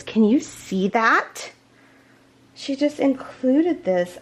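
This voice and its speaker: A woman vlogging an unboxing at home in a casual chat, gushing and excited, with many fillers and restarts. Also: sits high, drawn-out words. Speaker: crochet vlogger.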